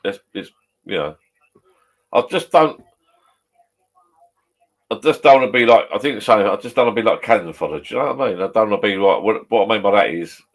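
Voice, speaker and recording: Bloke, fifties, low voice, a few beers in, rambling sweary chat in his pub shed. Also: expressive, a little fast, pauses often. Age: 50s. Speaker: vlogger.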